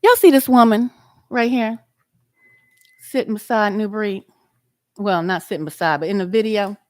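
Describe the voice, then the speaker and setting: A YouTube commentator makes a reaction video, confronting and mocking a man as she talks straight at him, drawling and repeating words for emphasis. Her mid-range voice moves at a moderate pace, with clean studio sound and no room sound.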